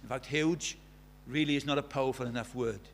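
A man's voice: mid-range voice, steady tone, fairly quick, slight background noise. A man preaching a sermon, asking rhetorical questions with emphasis.

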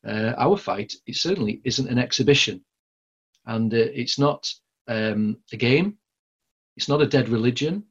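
A man's voice: mid-range voice, lively intonation, a little slow, husky, highs cut off. A man with a Lancashire accent preaching a sermon in a conversational, rambling way, full of fillers and restarts. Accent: Lancashire English.

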